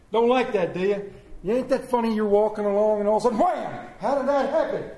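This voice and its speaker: High-voiced preacher in an echoey hall. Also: male voice, mellow, slight background noise. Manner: slow emphatic scripture reading, then joking banter with the congregation. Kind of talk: sermon with scripture reading and audience questions. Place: church hall before a congregation. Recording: echoey room.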